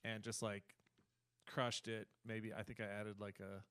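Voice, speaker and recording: A man producer in a casual studio chat, relaxed and telling a story with lots of fillers. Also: lowish voice, unhurried, clean tone.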